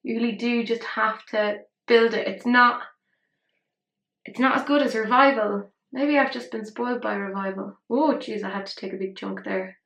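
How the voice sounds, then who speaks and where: A woman's voice: a little high, moderate pace, fairly bright tone. A young woman talking through a makeup tutorial in a rambling, self-mocking way. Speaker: beauty vlogger. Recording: roomy echo.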